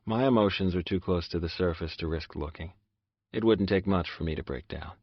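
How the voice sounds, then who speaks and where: A man's voice: deep voice, a little fast, no echo, dull audio. A man narrating a first-person audiobook in a subdued, confessional way.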